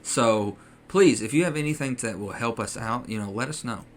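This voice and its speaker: A man's voice: mid-range voice, normal speed, slight background noise. A man co-hosting a casual podcast, chatty and full of ums and uhs. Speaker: podcast co-host.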